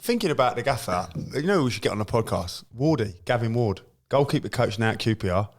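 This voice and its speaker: A man's voice: medium pitch, animated. A man co-hosting a podcast in casual chat, laughing often and tossing in reminders. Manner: quick, laughing, tosses in reminders. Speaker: podcast co-host, ex-footballer.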